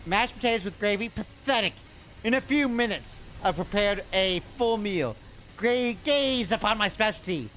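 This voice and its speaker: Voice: medium pitch, animated, moderate pace, fairly bright tone, slight background noise, voice pushed up, lightly acted. A player putting on a pompous comic German student. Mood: haughty. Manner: haughty, boastful. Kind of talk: improvised tabletop role-play.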